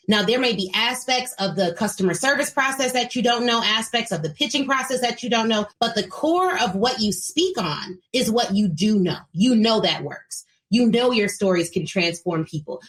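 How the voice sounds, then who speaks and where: A woman's voice: medium pitch, fairly bright tone. An American woman hosting a solo podcast as a speaking coach, talking to listeners in an emphatic, preachy and direct way. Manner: plays quoted voices in her retelling. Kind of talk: solo motivational business talk.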